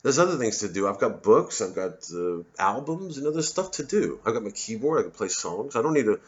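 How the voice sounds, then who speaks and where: A man rambles through a satirical monologue, sardonic and quick to swear. His voice sits low. The recording is muffled and lo-fi. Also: very animated. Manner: sardonic, swearing, mocks others in put-on voices. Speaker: comedian and satirist.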